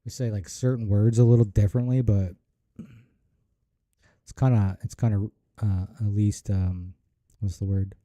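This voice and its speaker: A Canadian man with a soft Ontario accent, rambling casually as he reacts to clips and searches for words. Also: fairly low pitch, steady tone, normal speed, pauses often, no room sound. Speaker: reaction video host.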